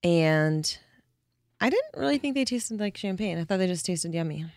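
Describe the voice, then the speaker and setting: Young woman podcast cohost, laughs a lot, kinda low voice, dry close mic. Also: expressive, moderate pace, a little mellow, no room sound. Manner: giggly, chatty. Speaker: podcast co-host, publicist. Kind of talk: casual chat. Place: recording studio.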